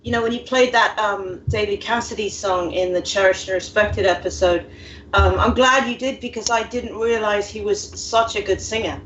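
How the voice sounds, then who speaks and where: A woman's voice: medium pitch, normal speed, fairly bright tone, muffled recording, a little hiss or hum. Hesitant woman co-host in a roomy space. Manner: hesitant, many fillers and restarts, laughs easily. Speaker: podcast co-host. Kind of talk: casual podcast chat. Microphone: video call.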